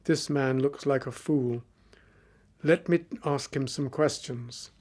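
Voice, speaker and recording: A man's voice: medium pitch, slow pace, a little mellow. A man reading the part of a clever, firm young bride in a storybook. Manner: firm, questioning.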